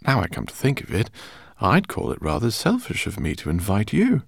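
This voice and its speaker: A man's voice: fairly low pitch, huge pitch swings, moderate pace, vocal fry, no echo, clean studio sound, exaggerated voice. A man voicing a kindly, bookish male professor who talks in a courteous, rambling way. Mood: genial. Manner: courteous, rambling, gently embarrassed. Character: kindly bookish male professor, middle-aged, fussy host.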